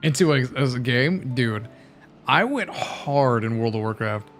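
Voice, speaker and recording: A man talks casually through a gaming livestream, rambling and swearing. He cheers at the game now and then. His pitch sits in the middle, and soft music plays underneath. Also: lively intonation, a little slow. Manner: loose, chatty and profane, cheering at the game. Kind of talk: casual chat over gameplay.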